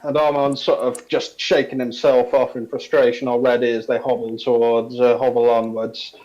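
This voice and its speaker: A man's voice: medium pitch, flat delivery, normal speed, a little mellow. A man playing a tabletop game, narrating hesitantly with many fillers. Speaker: player. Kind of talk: casual tabletop role-play. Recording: slightly dull, lo-fi mic.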